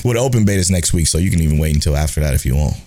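A young man co-hosting a casual podcast, animated and swearing freely as he chats. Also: a bass voice, very fast. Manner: animated, swearing, laughing, self-mocking. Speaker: podcast co-host. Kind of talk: casual chat.

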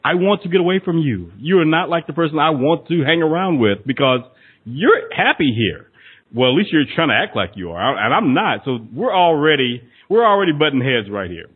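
A man's voice: on the high side, fairly quick, breathy edge. A man in casual podcast chat, telling stories with profanity and acting out what people said. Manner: animated, profane storytelling with acted-out quotes. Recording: tinny phone-like audio.

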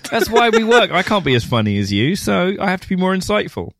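A young man co-hosting a casual film podcast, analytical and quick to agree and laugh. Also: high-pitched, big pitch swings, gravelly, fairly bright tone, slight background noise. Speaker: podcast co-host. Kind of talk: casual film-discussion chat.

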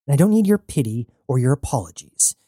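A man voicing a fierce young woman rebel on a starship, blunt and profane, in a mellow voice. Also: mid-range voice, very animated, fast talker, no echo, clean studio sound. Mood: bitter.

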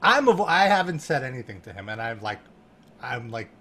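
A man telling a story in a casual chat, animated and laughing, full of fillers and restarts. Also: medium pitch, a little fast, slight background noise. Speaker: guest.

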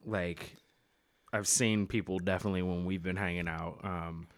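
A man hosts a casual podcast interview in a fairly low voice. His sound is dry and close, with no room around it. He keeps the chat easygoing and teases his guest a little. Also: fairly even intonation, normal speed, dry recording. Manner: easygoing, gently teasing interviewer. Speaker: podcast host.

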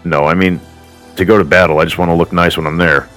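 A man's voice: low-pitched, steady tone, fast, fairly bright tone, soft background music. A man voicing a vain, lazy young prince who speaks in an offhand, flippant way.

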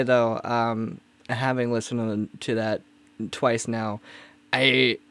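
A man co-hosting a comedy podcast, delivering dark jokes deadpan with lots of pauses and "uh"s. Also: mid-range voice, dry recording. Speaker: podcast co-host. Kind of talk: casual comedic chat.

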